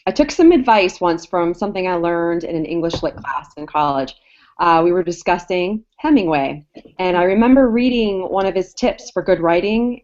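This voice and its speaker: A woman's voice: fairly low pitch, a little mellow, lo-fi sound. A woman novelist on a writing panel, talking in a cheerful, chatty way and laughing often. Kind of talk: casual panel talk.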